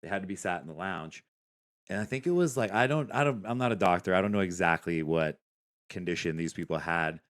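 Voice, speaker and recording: A man hosting a podcast, telling a story in a relaxed way with lots of fillers. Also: deep voice, a little fast. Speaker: podcast host. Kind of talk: casual podcast chat.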